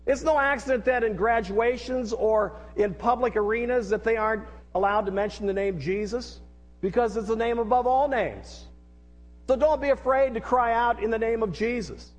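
A middle-aged male pastor preaches with earnest repetition and leads call-and-response. His voice sits high for a man. The long reverb of a large hall trails after every phrase. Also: normal speed. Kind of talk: sermon.

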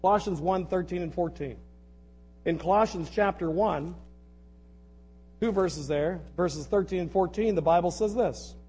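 Male pastor with a high voice, earnest preaching style, faint hum behind. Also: unhurried, pauses often, darkish tone, low-quality recording. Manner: earnest preaching with scripture quotes and repeated phrases. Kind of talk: sermon.

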